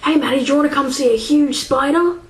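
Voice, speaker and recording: A woman voicing her teasing, coaxing middle-aged father in a breezy, wheedling tone, pitched above her own voice, in a roomy space. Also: fast talker, a little hiss or hum.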